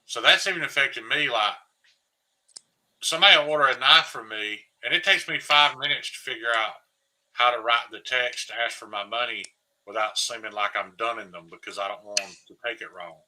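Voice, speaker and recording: Middle-aged knife maker guy, super bright voice, frank and rambling, kinda self-deprecating. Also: mid-range voice, brisk, poor audio. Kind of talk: casual chat.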